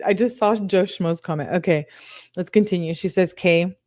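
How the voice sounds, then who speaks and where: A woman's voice: on the low side, normal speed, darkish tone, no room sound, studio quality. Chatty woman reading texts aloud. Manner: casual, chatty asides while reading. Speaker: true crime commentator. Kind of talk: reading text messages aloud with commentary.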